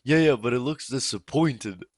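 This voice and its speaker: A man voicing his stoned young friend, slow, wondering and dead serious. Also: medium pitch, dry recording, clean studio sound, voice pushed up, lightly acted. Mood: dazed.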